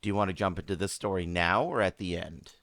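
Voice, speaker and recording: A man's voice: low-pitched, quick pace, creaky, fairly bright tone, no echo, studio quality. A young man co-hosting a podcast, teasing his friend and swearing often in casual banter. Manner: swears a lot, teasing, jumps in with reactions. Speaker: podcast co-host. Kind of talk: casual chat.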